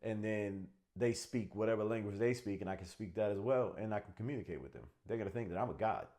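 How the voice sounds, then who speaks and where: A man with a Connecticut accent, co-hosting a casual comedy chat, animated and joking, swearing freely. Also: fairly low pitch, quick pace. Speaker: podcast co-host.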